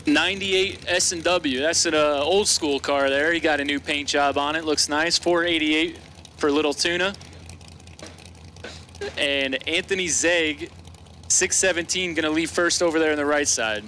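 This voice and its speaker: A man calling drag races from the announcer tower, giving steady play-by-play of matchups and times. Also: a little high, normal speed, slight background noise. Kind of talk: live race commentary.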